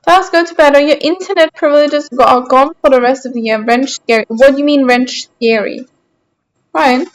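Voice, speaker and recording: A woman's voice: sits high, moderate pace, dry recording, poor audio. A young woman streaming a game, chatting casually with her viewers in a teasing, mock-indignant way.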